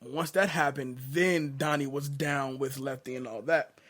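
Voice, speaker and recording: A man hosting a casual movie review chat, laid-back and quick to chuckle. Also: medium pitch, fairly even intonation, a bit bright. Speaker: host.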